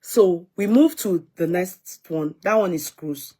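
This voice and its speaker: A woman's voice: on the low side, expressive, unhurried, mellow, slightly rough. A Nigerian woman vlogger chatting casually to her viewers, answering commenters and slipping in Yoruba phrases.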